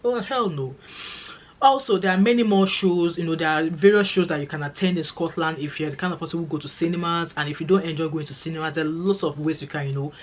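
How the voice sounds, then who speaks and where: Fast-talking Nigerian woman vlogger. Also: low-pitched, steady tone. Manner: chatty and emphatic, repeats phrases for stress, speaks straight to viewers. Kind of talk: casual talking-to-camera vlog.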